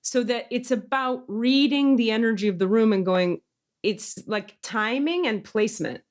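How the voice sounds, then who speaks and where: A woman's voice: on the high side, normal speed. Emphatic woman in casual chat. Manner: intense, emphatic storyteller who acts out quoted voices. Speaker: podcast host.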